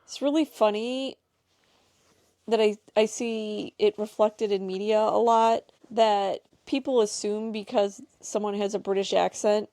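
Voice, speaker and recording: Brief: American female podcast co-host, gravelly voice with vocal fry, dry close sound, chatty asides. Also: mid-range voice, fairly even intonation, mellow, no echo. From United States. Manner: chatty, jumps in with quick asides. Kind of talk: casual chat.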